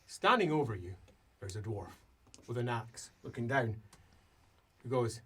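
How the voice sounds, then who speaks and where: A man's voice: medium pitch, unhurried, slightly rough. A man narrating as a playful game master. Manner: lively, playful, laughing narration.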